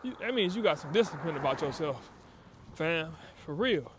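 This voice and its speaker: A man's voice: fairly high pitch, expressive, normal speed, noisy background. A man giving a casual motivational talk on a walk, emphatic and preachy, with slang and acted-out asides. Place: outdoors on a walk.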